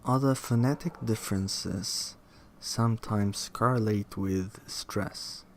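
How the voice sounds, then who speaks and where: A man reads a textbook aloud at a slow, unhurried pace, stumbling over words and stopping to question what he reads. His voice sits fairly low, with a faint hiss of noise behind him. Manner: halting, restarts words and questions the text aloud. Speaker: reader studying a linguistics textbook. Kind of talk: reading aloud with self-commentary.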